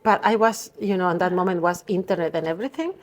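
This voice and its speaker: A woman's voice: fairly low pitch, quick pace. Reflective middle-aged woman from Mexico. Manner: reflective, non-native English phrasing. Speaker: guest. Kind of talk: podcast interview.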